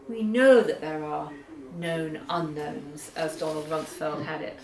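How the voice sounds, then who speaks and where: A woman with a low voice gives an academic poetry lecture in a measured way, reading poems aloud slowly. She's recorded from a distance in an echoey lecture hall, with an audience present.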